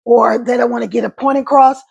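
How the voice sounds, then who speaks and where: Middle-aged woman vlogger, gravelly and husky, halting and repetitive, voice catches. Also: a little high, fairly even intonation, darkish tone, dull audio. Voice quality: voice catches and crackles when emotional. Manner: halting speech with repeated words. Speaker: stroke survivor vlogger. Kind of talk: casual talk to camera.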